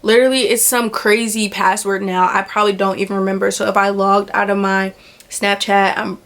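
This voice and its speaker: Woman, young adult, casual storytime, lively retelling, lots of "like". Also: medium pitch, fairly quick. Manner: animated retelling, acts out quoted voices, filler "like" often. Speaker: vlogger.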